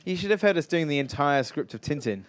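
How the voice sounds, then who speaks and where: A man's voice: a little high, lively intonation, fast talker, clear, resonant tone. A man answering audience questions at a live event, chatty and rambling, often self-deprecating. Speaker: filmmaker guest.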